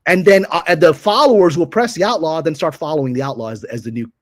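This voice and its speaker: A man's voice: on the high side, quick pace, dry recording. A man, a guest on a podcast, lecturing in a provocative, opinionated way. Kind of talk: casual podcast chat.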